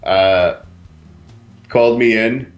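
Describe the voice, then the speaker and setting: A man's voice: fairly low pitch, slow pace, soft background music. Laid-back man telling a story. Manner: relaxed, hesitant with fillers, dry humor. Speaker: podcast co-host. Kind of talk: casual storytelling chat.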